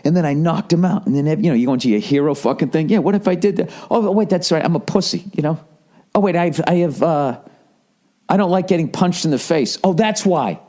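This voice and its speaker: A man's voice: on the high side, fairly quick, warm tone. A male comedian and podcast host telling a story in a casual monologue, profane, ranting and incredulous.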